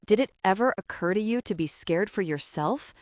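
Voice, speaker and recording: A woman voicing a commanding, protective male billionaire who speaks slowly with controlled anger. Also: mid-range voice, lively intonation, no room sound, clean studio sound, close to an everyday voice. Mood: angry.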